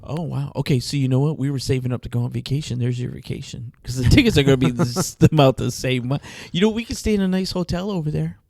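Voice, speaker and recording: A man hosting a podcast, telling comic stories in an animated, jokey way, with big swings in pitch and loudness. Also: fast, vocal fry, few pauses, no room sound, studio quality. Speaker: podcast host. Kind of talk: casual comedic chat.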